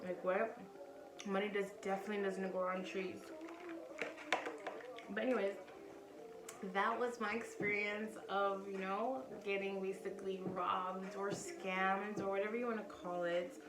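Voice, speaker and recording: A woman's voice: medium pitch, little pitch movement, a little slow, music in the background. A young woman vlogger casually telling a personal story to the camera, candid and chatty. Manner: candid, chatty, acts out other people's lines. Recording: roomy, distant from mic, background noise.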